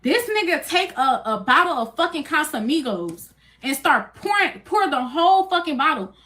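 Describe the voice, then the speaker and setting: Speaking at a moderate pace in a high-pitched voice, a young woman recounts a chaotic episode from her life to her viewers. She swears liberally and animates the retelling by performing the quotes.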